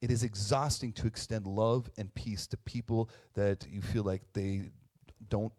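A man's voice: medium pitch, dark tone. A man in his thirties, a pastor, giving a casual conversational sermon, chatty with tag questions and restarts, joking at his own expense. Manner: self-deprecating humor.

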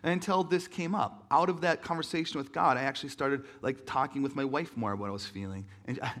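A man's voice: medium pitch, quick pace, a bit bright. A man in his thirties telling a personal story in an earnest, emotional sermon, with many restarts and fillers.

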